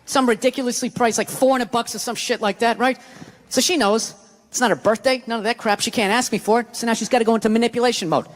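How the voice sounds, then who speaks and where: A man's voice: very high-pitched, steady tone, quick pace. A middle-aged man with a Boston accent telling a stand-up story, profane and ranting, often tagging lines with "right?" and acting out other people's voices. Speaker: stand-up comedian. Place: large theater on stage. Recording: live hall reverb, crowd noise. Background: audience laughter.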